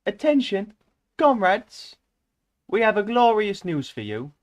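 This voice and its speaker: A man's voice: high-pitched, big pitch swings, a little slow, pitched above the performer's own voice. A man voicing an eager, youthful male telescreen announcer, declaiming in a put-on Russian accent during a dramatic reading. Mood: triumphant.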